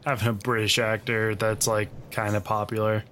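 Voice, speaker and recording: A man's voice: on the low side, flat delivery, a little slow, pushed and bright, slight background noise. A man co-hosting a podcast in casual chat, making wry, offhand remarks. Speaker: podcast host.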